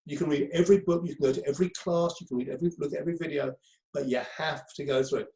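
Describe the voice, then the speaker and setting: A man's voice: fairly high pitch, steady tone, very fast, mellow. Man lecturing in an echoey room. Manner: conversational, repeats himself, many ums. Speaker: crisis management trainer. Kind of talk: lecture to a group.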